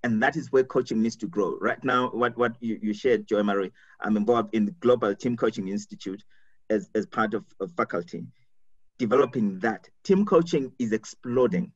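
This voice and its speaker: A man's voice: on the low side, normal speed, husky, no echo. A man from Africa, an executive coach speaking earnestly on a webinar panel, repeating words as he builds his points. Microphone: video call. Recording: dull video call audio.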